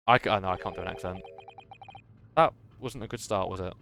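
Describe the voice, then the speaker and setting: A man's voice: lowish voice, little pitch movement, brisk, gravelly, fairly bright tone, slight background noise. A man streaming a game, chatting casually and poking fun at himself. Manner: self-mocking, chatty.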